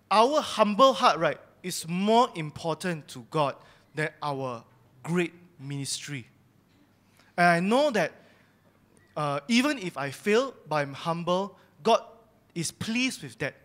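A young man with a notably high voice tells a personal church testimony. He speaks candidly and confessionally, admitting his own faults as he shares his story. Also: a bit bright.

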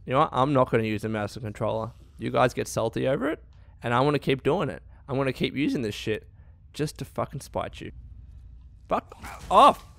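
A young man giving exasperated, profane commentary while playing a video game, often shouting at enemies. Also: mid-range voice, animated, a little fast, gravelly, no echo. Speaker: let's play gamer. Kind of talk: gameplay commentary.

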